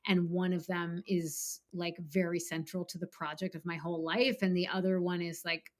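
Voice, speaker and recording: A woman's voice: on the low side, flat delivery, moderate pace. A middle-aged woman author in a casual interview, talking with lots of "like" fillers and now and then acting out her own inner voice. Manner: frequent "like" fillers, acts out her inner voice in bursts. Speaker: author guest.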